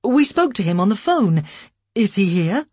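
A polite, upset husband speaks in measured, apologetic sentences that turn firm, as a woman narrator reads him. The storybook voice is husky, lightly raised, and heard close and dry. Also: mid-range voice, big pitch swings, a little mellow, dry recording, voice pushed up.

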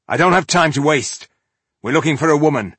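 A man's voice: fairly high pitch, expressive, a little fast, a bit bright, husky, no room sound, pitched above the performer's own voice. A man voicing a stern male dwarf leader who gives curt orders. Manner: curt, commanding.

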